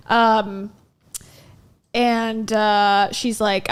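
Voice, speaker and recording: A woman with a fairly high voice talks casually over a clip she is reacting to. She sounds skeptical and breaks in with chatty asides. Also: normal speed. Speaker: commentary host.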